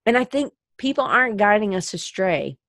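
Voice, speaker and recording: Very animated and fairly bright in tone, this medium-pitched podcast host talks at a moderate pace in a clean studio recording with no room sound. She's crying while giving a rambling, heartfelt pep talk, full of restarts and filler words.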